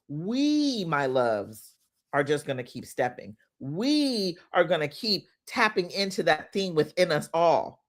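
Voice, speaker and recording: A middle-aged woman preaches encouragement into her phone. Her pitch swings widely, and she laughs often and gets emotional. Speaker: inspirational speaker. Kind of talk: motivational livestream talk.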